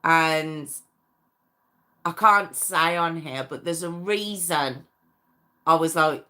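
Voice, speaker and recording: A woman hosts a true crime livestream in an easy, chatty way, laughing often as she answers viewers' comments. Her voice is bright and a little sharp. She talks at an unhurried, drawn-out pace. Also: sits low. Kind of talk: casual live chat with viewers.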